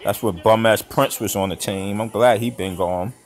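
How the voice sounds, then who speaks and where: A man hosting a reaction video, talking along to football highlights with slangy, excited exclamations and frequent laughter. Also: moderate pace. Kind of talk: excited sports reaction commentary.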